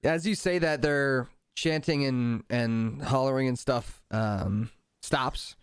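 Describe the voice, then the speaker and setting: A man's voice: mid-range voice, slow, clean tone, no echo, studio quality. A man narrating a tabletop game as game master, in an easygoing, descriptive way.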